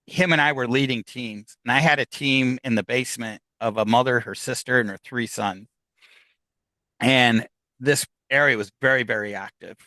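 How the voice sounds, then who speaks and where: A man tells of his ghost hunts in an easy conversational way, his tone bright and ringing. The sound is close and dry, with no room around it. He acts out the lines of the people in his stories. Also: medium pitch, no room sound, poor audio. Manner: animated anecdotes, acts out quoted dialogue. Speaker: guest, paranormal investigator. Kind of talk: casual storytelling interview.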